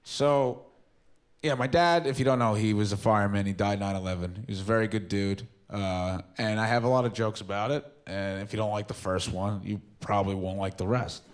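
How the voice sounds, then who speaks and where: A man's voice: lowish voice, fairly quick. A young man, telling loose, mumbly stories in a stand-up set and acting out quotes. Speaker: stand-up comedian. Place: theater stage with a live audience.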